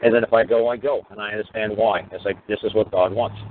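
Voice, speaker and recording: A man's voice: lowish voice, quick pace, a little hiss or hum. A man telling courtroom stories in a casual radio monologue, swearing freely and acting out both sides of each exchange. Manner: profane, animated storytelling, acting out court exchanges. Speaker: radio talk show host. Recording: tinny phone-line radio audio.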